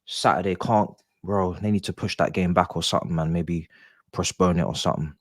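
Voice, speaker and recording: A man's voice: low voice, fairly even intonation, a little fast, dry recording. A young man, streaming a football watch-along and reacting with sighs, swearing and exasperated grumbling. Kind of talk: live match reaction.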